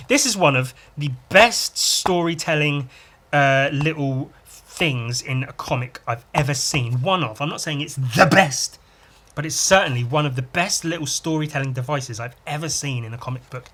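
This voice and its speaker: A man's voice: fairly high pitch, normal speed, a bit bright. A man hosting a podcast, chatting casually and enthusiastically while reading a comic and adding his own sound effects. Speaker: podcast host.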